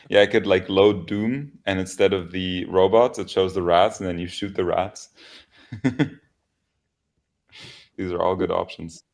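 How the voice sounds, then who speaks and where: A man co-hosting a livestream in casual chat, relaxed, laughing often and swearing casually. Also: low-pitched, unhurried, creaky, pauses often. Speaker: developer co-host.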